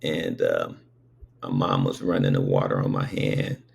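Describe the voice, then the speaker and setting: A man's voice: extremely low pitch, big pitch swings, measured pace, creaky, a little hiss or hum. A man in his fifties telling childhood memories in a meandering, conversational way, with frequent asides to the listener. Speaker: storyteller. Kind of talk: casual spoken recollection.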